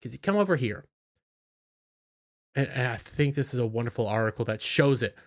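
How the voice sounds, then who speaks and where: A man's voice: mid-range voice, lively intonation, brisk. A man giving opinionated commentary in an indignant, scornful, ranting manner. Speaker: YouTube commentator.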